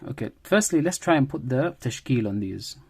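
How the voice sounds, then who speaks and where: A man teaching a grammar lesson at a middle pitch. He repeats key phrases as he goes and builds each point around everyday examples, in a patient, classroom-style delivery. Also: lively intonation, moderate pace, a little mellow, slightly rough.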